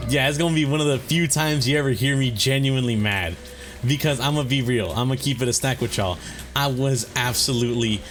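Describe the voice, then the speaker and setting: A man's voice: mid-range voice, fairly bright tone. A young man ranting casually to his viewers as a vlogger, exasperated and emphatic, swearing often and using slang.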